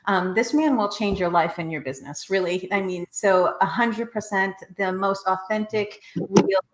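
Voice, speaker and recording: A woman's voice: mid-range voice, moderate pace. A woman hosting an interview, effusive and full of praise for her guest, often laughing. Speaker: interview host. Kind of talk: warm conversational interview. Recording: echoey room.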